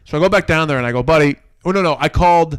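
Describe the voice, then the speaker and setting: A man co-hosting a casual podcast, telling a neighbor story with lively play-acting of each person. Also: a little high, very fast, clear, resonant tone, no room sound. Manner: animated storyteller, acts out neighbors with a put-on accent. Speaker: podcast co-host. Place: city apartment.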